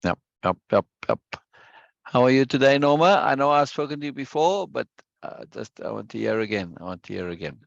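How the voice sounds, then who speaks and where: A man's voice: mid-range voice, lively intonation, a little fast, creaky, no echo, highs cut off. A man hosting an online study group, chatting casually and greeting viewers one by one, often repeating his phrases. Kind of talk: casual livestream chat before a reading session.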